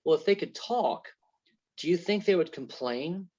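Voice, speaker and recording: A man's voice: fairly high pitch, lively intonation, moderate pace, darkish tone. A man giving an earnest, faith-centred testimony as an interview guest, telling parables to make his points. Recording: dull lo-fi sound.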